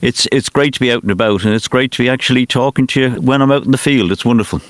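Irish bird guy on the radio from his car, relaxed, dead dry sound. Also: mid-range voice, racing, no echo. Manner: relaxed, chatty. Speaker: ornithologist. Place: parked car in the mountains.

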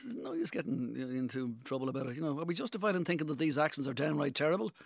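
Fast-talking Irish radio presenter, gravelly. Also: male voice, fairly high pitch, animated, no echo, studio quality. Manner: rambling, restarts sentences, chatty. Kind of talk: casual radio chat. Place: radio studio.

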